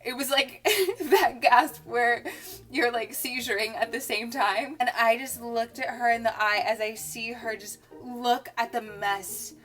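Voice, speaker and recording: A woman's voice: on the high side, steady tone, a little slow, fairly bright tone. A young adult woman vlogging, casually retelling a story with lots of "like" fillers. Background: faint music.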